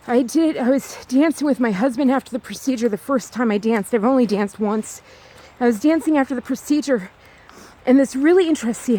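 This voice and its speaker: A woman vlogging outdoors on a trail, talking in a rambling, repetitive, fast way while she walks. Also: high-pitched, mellow. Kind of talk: rambling walk-and-talk vlog.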